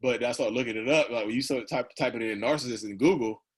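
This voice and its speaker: A man in his thirties tells his story loosely, stringing thoughts together with plenty of "like" and "you know." His voice has a husky, slightly rough edge at a middle pitch, and he laughs easily as he talks. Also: quick pace. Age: 30s. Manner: rambling, full of "like" and "you know", laughs often. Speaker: guest. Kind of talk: casual conversational storytelling.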